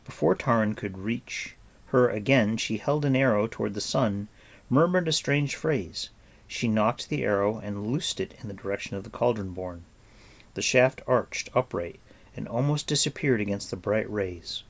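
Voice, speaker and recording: A man reading a fantasy novel aloud as audiobook narrator, soft and even. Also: on the low side, moderate pace, gravelly. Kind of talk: scripted narration.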